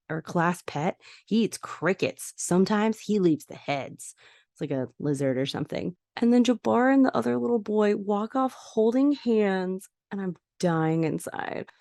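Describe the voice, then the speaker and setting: Chatty, low-voiced woman podcast host. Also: a little mellow, no echo, clean studio sound. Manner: chatty, enthusiastic, sentimental. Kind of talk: casual TV episode recap.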